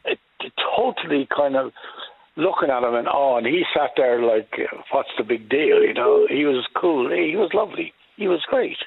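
A man's voice: a little high, lively intonation, normal speed, vocal fry, breathy edge, no room sound. A man calling in on the line to share rambling recollections. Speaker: caller on the line. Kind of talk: phone-in reminiscence. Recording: tinny phone line.

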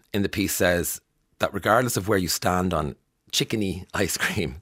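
Husky wry morning radio man. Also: lowish voice, a bit bright. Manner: chatty, wry, laughs through stories. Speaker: radio host. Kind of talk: morning radio news chat.

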